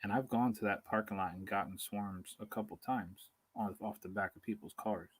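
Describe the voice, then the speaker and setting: A man talks loosely through a live stream outdoors, tired and hungry, stopping and restarting his thoughts. His voice is somewhat low with a husky edge. He chuckles between points. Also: normal speed, low-quality recording. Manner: casual, chuckling, talks through hesitations and reads comments aloud. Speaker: beekeeping livestream host. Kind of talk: rambling live-stream chat.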